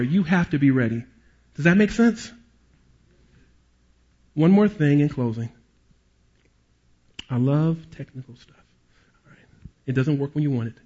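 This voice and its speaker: Guy preaching, husky kinda high voice, muffled lo-fi recording, tells stories big then goes real quiet. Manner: animated storyteller, drops to hushed tones for emotional moments. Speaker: pastor and police chaplain. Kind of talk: sermon with storytelling.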